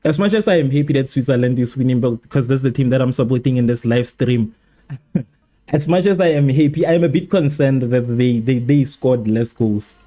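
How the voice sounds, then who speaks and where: A man's voice: mid-range voice, fairly quick. A man hosting a live football watchalong stream, chatting casually and animatedly with his viewers, repeating himself and joking. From South Africa. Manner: animated, repetitive, joking with chat. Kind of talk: casual match watchalong commentary.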